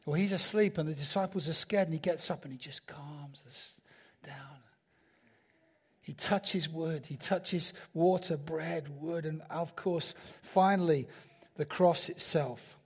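A man's voice: a little high, unhurried, husky. A man preaching a sermon in a church, talking conversationally and asking the congregation rhetorical questions. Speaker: pastor.

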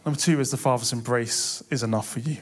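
A man's voice: medium pitch, quick pace, slight background noise. A young man preaching a sermon in a church, impassioned and building to emphatic swells.

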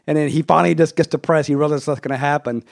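Male podcast host, slightly high pitch, lively retelling of favorite episodes. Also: rapid-fire, vocal fry. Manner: animated retelling with acted quotes. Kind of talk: casual chat.

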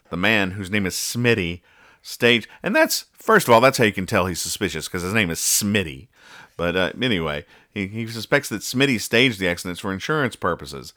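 Man hosting a podcast, low pitch, bright forceful tone, dry sarcastic delivery. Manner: dry, sarcastic explaining of jokes. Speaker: podcast host. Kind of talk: casual podcast chat explaining comic strips.

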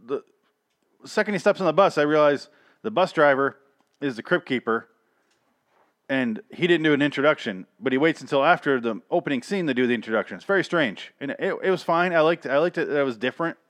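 A man's voice: on the high side, lively intonation, fairly quick, fairly bright tone, dry recording, studio quality. A man giving casual, rambling, sarcastic review commentary on cartoon episodes, swearing freely.

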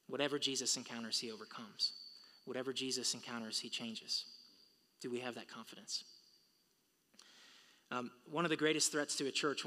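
A man's voice: medium pitch, sharp tone. A male pastor preaching a sermon to his congregation, building to emphatic peaks. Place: church sanctuary. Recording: long reverb of a large hall.

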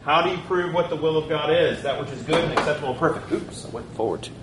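Teaching a college Bible class, a man with a slightly high voice talks quickly and conversationally, asking his listeners questions. There is noise in the background.

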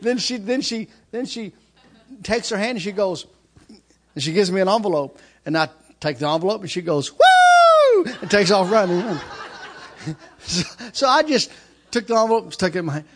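Preacher, male, high voice, animated storytelling with loud outbursts. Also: moderate pace, pauses often, background noise. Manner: animated, with shouted outbursts and laughter. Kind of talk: sermon storytelling.

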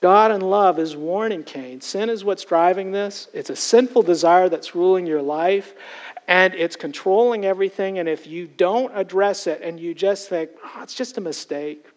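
A man's voice: sits high, normal speed, poor audio. A man preaching a sermon as pastor, earnest and emphatic, often turning to address his congregation directly.

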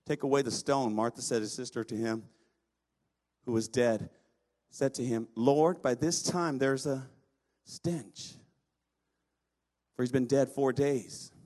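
A pastor preaching a sermon, reading scripture aloud and urging the congregation to respond. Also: male voice, mid-range voice, steady tone, takes it slowly, long pauses, warm tone.

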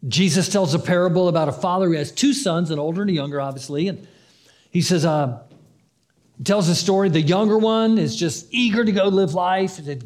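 A male pastor with a high-sitting, darkish voice preaches a little fast. His sermon is conversational, acting out the story's dialogue and repeating phrases for emphasis.

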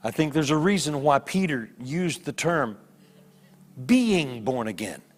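A man preaching a sermon as a guest preacher, telling stories with lively voiced characters. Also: mid-range voice, measured pace. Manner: animated storytelling with voiced characters. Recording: long hall reverb.

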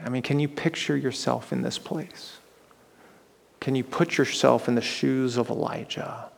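A man's voice: medium pitch, vocal fry, long reverb tail. A male pastor preaching a sermon, retelling scripture dramatically and asking the listeners rhetorical questions.

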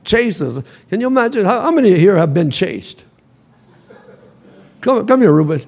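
A male pastor preaching a sermon in a church, calling the congregation to repeat after him and building to shouts. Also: high-pitched, very animated, normal speed, gravelly. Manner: call-and-response preaching, rising to shouts. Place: church sanctuary.

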